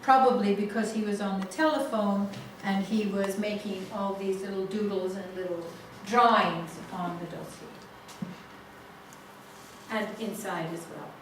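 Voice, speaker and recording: A woman leading a family constellation seminar, telling a case story slowly with many restarts. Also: mid-range voice, fairly even intonation, a little hiss or hum. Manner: slow, halting storytelling with restarts. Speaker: seminar facilitator. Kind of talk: guiding a family constellation exercise. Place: seminar room. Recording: echoey room, far from mic.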